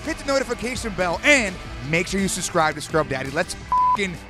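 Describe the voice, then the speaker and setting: A man hosting street interviews outdoors at a stadium parking lot, loud, profane and full of hype-man energy. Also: high-pitched, very animated, a little fast, music in the background. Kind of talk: hyped vox-pop interviewing. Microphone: handheld mic.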